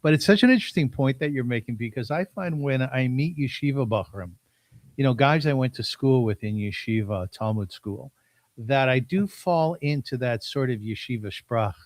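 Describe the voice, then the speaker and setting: Male podcast host, earnest and halting, recorded dry and close. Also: medium pitch, lively intonation, no echo. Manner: earnest, halting, stumbles on his words. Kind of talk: podcast interview.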